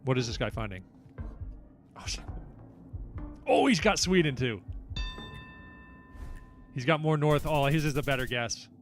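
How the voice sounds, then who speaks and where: Animated male streamer talking to himself. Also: medium pitch, a little slow, pauses often, faint music behind. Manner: animated, self-mocking, blurts at misses. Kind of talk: live game commentary.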